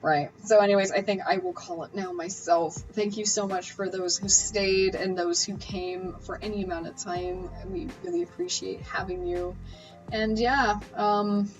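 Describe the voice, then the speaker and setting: A woman's voice: mid-range voice, moderate pace, lo-fi sound, music in the background. A woman hosting a live cooking stream, rambling and laughing as she chats, her voice starting to wear out. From Canada. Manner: chatty and rambling, laughing often. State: losing her voice. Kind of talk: casual live-stream chat.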